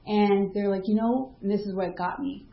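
Speaking with a steady tone at a moderate pace, a woman with a mid-range voice gives her personal faith testimony in a reverberant, lo-fi recording. She's casual and leans on fillers like "like" while vividly acting out dialogue from people in her story.

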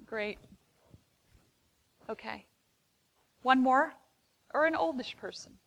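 Woman seminar speaker, counselor, chatty and expressive live talk. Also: sits high, takes it slowly, vocal fry, rough recording. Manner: expressive, acts out quoted phrases; conversational with small restarts.

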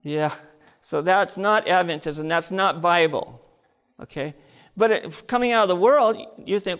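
A man preaches his personal testimony in an earnest, storytelling way, turning often to address the congregation. His voice sits a bit high with a gravelly edge. The sound rings with the long reverb of a large hall. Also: moderate pace, fairly bright tone. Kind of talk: testimony sermon.

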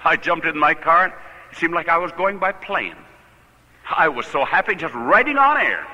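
Older male preacher, storytelling sermon, bright forceful voice, reverberant old radio broadcast sound. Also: fairly high pitch, normal speed. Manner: animated, laughing at his own story. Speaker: pastor.

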